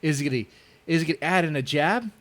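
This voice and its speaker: Sarcastic male stream host, lively pitch. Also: fast. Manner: sarcastic, mock voices, lively swings in tone. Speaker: stream host reacting to a debate. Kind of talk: mocking live-stream commentary.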